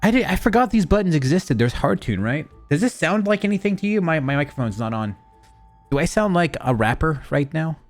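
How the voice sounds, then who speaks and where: A man's voice: fairly high pitch, very animated, brisk, faint music behind. A young man streaming, chatting casually in a rambling, profane, self-mocking way while fiddling with his mixer. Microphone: desk mic through a streaming mixer.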